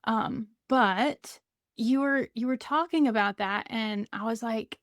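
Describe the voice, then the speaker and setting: A woman's voice: a little high, slow, no room sound, studio quality. A woman with a Southern US accent, a podcast guest chatting casually, rambling and laughing often. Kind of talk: casual conversation.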